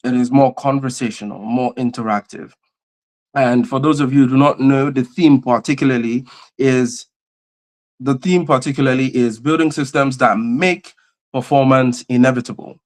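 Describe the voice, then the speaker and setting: Upbeat male livestream host, mid-pitched, repetitive and welcoming with viewers. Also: moderate pace. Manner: energetic, repeats phrases, greets viewers by name. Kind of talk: livestream opening chat.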